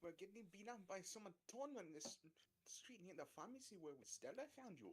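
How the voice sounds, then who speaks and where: A man's voice: sits high, lively intonation, fairly quick, breathy edge, voice pushed up. Man voicing a caring, fierce Latina woman. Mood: concerned. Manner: mixes Spanish words into English. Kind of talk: fan story read aloud with voices.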